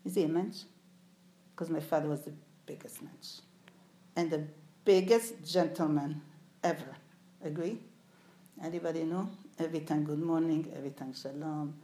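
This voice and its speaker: A woman's voice: sits low, fairly even intonation, normal speed, long pauses, warm tone. A woman speaking to a live audience, sharing stories about her father and putting questions to the listeners. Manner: storytelling, puts questions to the audience. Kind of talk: anecdotal talk to a live audience. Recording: echoey room.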